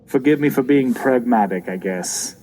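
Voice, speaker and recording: A man voicing a haughty masked villain boss who mocks with low, dry scorn. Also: moderate pace, crowd noise, close to an everyday voice, rough recording. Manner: haughty, mocking. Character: cool masked male villain boss, sneering inventor.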